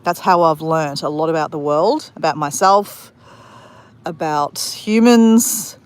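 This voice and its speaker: An Australian woman vlogging live outdoors at a beach at dawn, chatting in a rambling, fast-talking way with lots of restarts. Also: low-pitched. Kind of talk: live-stream chat on a beach walk.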